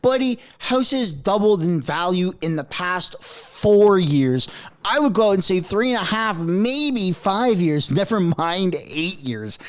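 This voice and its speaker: A man's voice: sits high, big pitch swings, unhurried. A man giving a sarcastic, exasperated political rant as a commentary host. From Canada.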